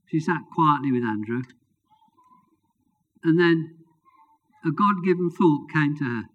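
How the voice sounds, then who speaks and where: A male preacher delivers a sermon, slipping into storytelling with informal, self-deprecating asides. His voice sits a little high for a man. The recording sounds muffled and lo-fi. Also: animated, a little slow, long pauses, fairly bright tone. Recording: dull lo-fi recording.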